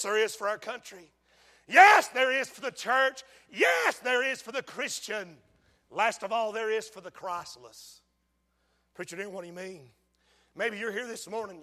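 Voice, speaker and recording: Preacher, male, very high forceful voice, fiery sermon from hushed to shouted, long church reverb. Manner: emphatic, swings from hushed pleading to shouting. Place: large church sanctuary.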